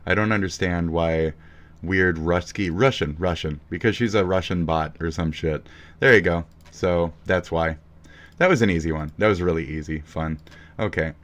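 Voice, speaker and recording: Young male streamer, very low voice, crude and taunting, reacts to chat live. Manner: profane, mocking, loud taunting outbursts.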